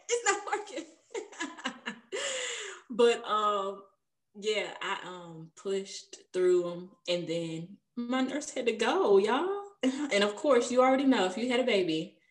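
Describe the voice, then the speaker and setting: Brief: young woman host, casual storyteller, easy mid-pitched voice, laughs a lot. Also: a little slow. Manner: chatty, laughs often between sentences.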